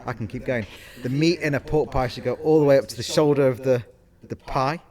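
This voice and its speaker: A man's voice: medium pitch, fairly quick, a little mellow. A man co-hosting a casual podcast as a caterer, explaining things in detail with asides and self-corrections. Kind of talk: casual chat.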